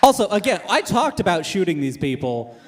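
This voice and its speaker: A man's voice: high-pitched, very animated, a little fast, a little hiss or hum. A man hosting a live comedy show, teasing a comedian and hyping the crowd for the next act. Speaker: host. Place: comedy club stage.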